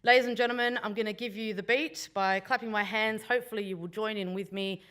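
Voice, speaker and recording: A woman's voice: medium pitch, fairly even intonation, quick pace. A woman with an Australian accent giving a Welcome to Country speech to a breakfast crowd, joking with the room between formal thanks. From Western Australia. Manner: warm, playful crowd banter. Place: event room before a breakfast audience.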